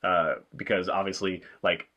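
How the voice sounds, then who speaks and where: Rambling low-voiced man reviewing a film. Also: level tone, moderate pace, pushed and bright, lo-fi sound. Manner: rambling with many fillers and put-on voices. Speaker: co-host of a film review show. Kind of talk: casual chat.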